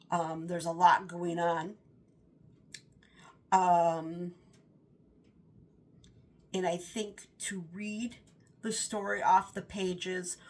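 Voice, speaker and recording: A woman's voice: mid-range voice, a bit bright. A woman giving a casual, rambling book review, often stopping to correct herself. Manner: rambling, self-correcting with fillers.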